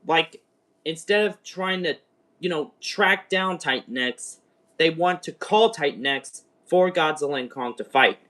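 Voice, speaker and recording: A young man casually reviewing a show on a livestream, excitable and rambling like an eager fan. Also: on the high side, a little slow.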